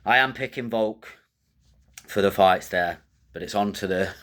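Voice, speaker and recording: Blunt low-voiced man talking fights. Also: a little slow, pauses often, a bit bright. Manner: blunt, rambling, coarse. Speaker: MMA betting tipster host. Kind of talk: casual predictions commentary.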